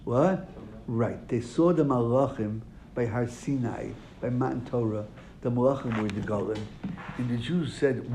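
A man's voice: medium pitch, a little slow, dark tone. A man teaching a classroom lesson, asking his students questions and then answering them. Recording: echoey room, faint noise.

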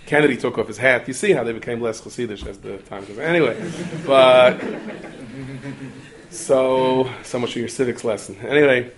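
A man giving a storytelling sermon, talking quickly with digressions, asides and repeated restarts. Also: medium pitch, crowd noise. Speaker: preacher telling a story.

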